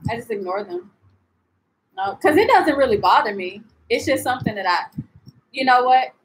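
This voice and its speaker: A young woman chatting casually in a live-stream travel vlog, animated and full of "like" and "you know", answering viewers as she goes. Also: high voice, normal speed, poor audio. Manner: reads and answers viewer comments. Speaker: travel vlogger.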